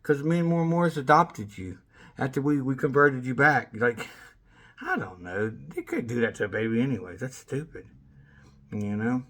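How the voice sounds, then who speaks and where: A man talking in a rambling, casual monologue, swearing freely and breaking into laughter, swinging from loud excitement to low mumbles. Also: moderate pace. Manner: rambling, with restarts and bursts of laughter. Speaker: vlogger.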